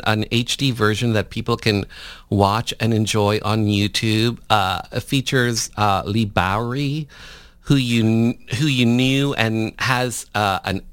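Male interviewer, smooth resonant voice, close dry sound. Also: mid-range voice, measured pace, a bit bright, no room sound. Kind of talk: casual interview.

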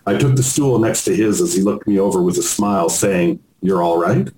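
A man, an author, reading aloud from his own memoir in a measured storytelling manner. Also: low-pitched, dark tone. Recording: roomy with faint noise.

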